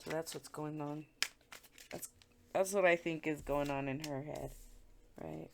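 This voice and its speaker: Casual tarot reader, woman with a slightly low voice, blunt, profane, chatty delivery. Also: fairly even intonation, unhurried, gravelly, noisy background. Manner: chatty, blunt and profane, with frequent filler words. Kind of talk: casual tarot reading commentary.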